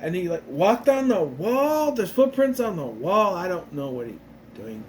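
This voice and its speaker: A man's voice: high-pitched, sing-song, darkish tone, slight background noise. A man recapping a TV episode in a casual, rambling way, restarting often and acting out the characters' lines. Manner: rambling, restarts a lot, acts out lines in quick voices.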